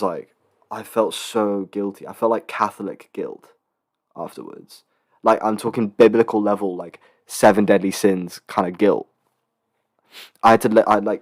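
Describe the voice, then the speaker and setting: A young man in his late teens from England, hosting a casual solo podcast in a rambling, swearing, animated storytelling way. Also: fairly low pitch, dry recording, clean studio sound. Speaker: podcast host. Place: student accommodation room.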